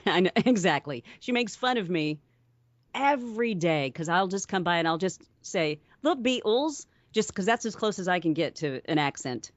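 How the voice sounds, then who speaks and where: A woman's voice: fairly low pitch, expressive, moderate pace, no room sound. A woman co-hosting a casual podcast, giggly and self-deprecating. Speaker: podcast co-host. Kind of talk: casual chat. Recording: dry dull lo-fi audio.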